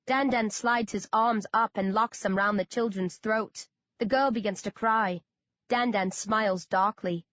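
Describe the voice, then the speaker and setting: Woman audiobook narrator, steady first-person read, dry, slightly dull audio. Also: medium pitch, a little slow, dry recording.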